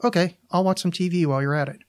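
Guy putting on a sweet worried girlfriend voice, pitched way up, soft and reassuring. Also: racing, natural voice. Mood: concerned, gentle. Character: caring worried young woman, gentle girlfriend.

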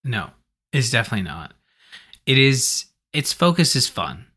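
Bright-sounding guy cohosting a podcast, chatty and rambly, keeps restarting his sentences. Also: mid-range voice, very animated, moderate pace, husky. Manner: rambling, many "like" fillers and restarts. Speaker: podcast co-host. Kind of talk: casual chat.

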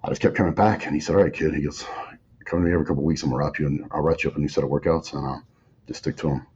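Very deep-voiced man telling stories fast. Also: steady tone, a little mellow, husky. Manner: laid-back drawl, acts out dialogue. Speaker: interview guest, bodybuilder. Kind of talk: casual storytelling. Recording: slightly muffled audio, faint background noise.

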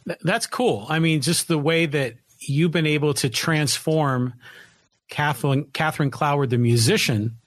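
A man's voice: on the high side, unhurried, no echo. A man hosting a live-stream interview, offering supportive affirmations and curious questions. His voice is recorded dry and close, with no room around it. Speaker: host.

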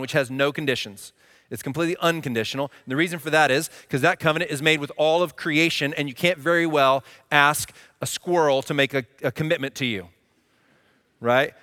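Pastor, male, young adult; bright, slightly high voice, dry close sound, talks through his sermon and keeps checking the room is with him. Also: no room sound. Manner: conversational, checks in with listeners.

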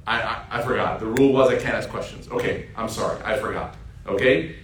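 Man doing an alarmed male prophet, high and indignant, pleading, roomy echo, heard from afar. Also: a little fast, fairly bright tone, slight background noise, lightly acted. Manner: high-pitched, indignant outbursts. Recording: echoey room, distant mic.

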